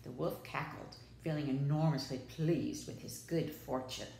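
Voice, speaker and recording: A woman preschool teacher reading a storybook aloud with dramatic, expressive delivery. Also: rumbling low, measured pace, vocal fry, a little hiss or hum. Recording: echoey room.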